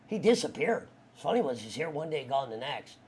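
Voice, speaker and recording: Animated man swapping stories on a stream. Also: medium pitch, brisk, breathy edge. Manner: animated storyteller, swears freely. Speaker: streamer host. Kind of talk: casual group chat.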